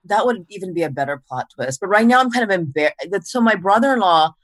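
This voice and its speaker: A woman's voice: medium pitch, lively intonation, fast talker, no echo. A woman author as an interview guest, earnest and explaining at length. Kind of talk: casual interview conversation.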